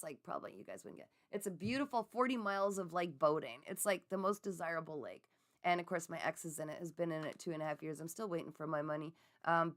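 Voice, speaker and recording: A middle-aged woman hosting a live-streamed card reading, chatting with viewers in an animated way and laughing often. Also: lowish voice. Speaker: psychic reader.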